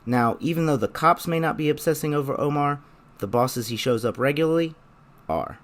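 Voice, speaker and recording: Measured male video essay narrator. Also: fairly high pitch. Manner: measured, explanatory. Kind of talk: scripted narration.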